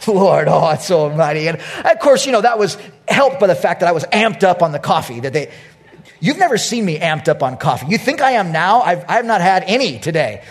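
A high-voiced male preacher whose pitch leaps all over as he delivers a sermon. His tone is husky and slightly breathy. He tells stories with animated energy, swinging between loud outbursts and quiet, hushed asides. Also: fairly quick. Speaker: pastor.

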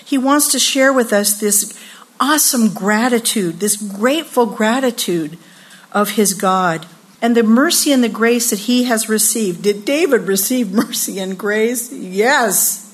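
A woman's voice: a little high, measured pace, husky. Older woman preaching at a retreat. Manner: expressive, acts out voices in quoted speech. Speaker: women's retreat speaker. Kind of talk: sermon.

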